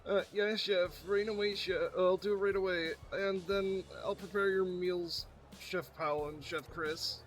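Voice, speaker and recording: Man playing a timid kitchen trainee, high and apologetic, bad French accent, eager to please. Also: fairly even intonation, faint music behind. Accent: attempted French. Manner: meek, eager to please, slow. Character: nervous young male kitchen trainee, apologetic.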